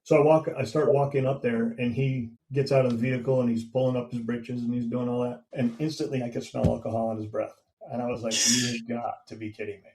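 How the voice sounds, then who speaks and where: A man in his fifties with a mellow, warm tone tells his story on a podcast. His pitch sits in an ordinary middle range for a man. He speaks conversationally and now and then acts out what people said. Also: little pitch movement, fast, creaky, few pauses, a little hiss or hum, low-quality recording. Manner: recounts events plainly, acting out quoted dialogue. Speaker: guest, veteran and former police officer.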